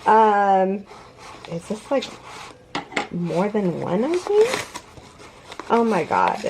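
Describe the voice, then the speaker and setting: A woman's voice: medium pitch, huge pitch swings, drawn-out words, long pauses, a little mellow, a little hiss or hum. A woman in her thirties hosting a casual unboxing vlog, gushing with emotional thanks and often breaking off to restart her sentences. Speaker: crochet channel host.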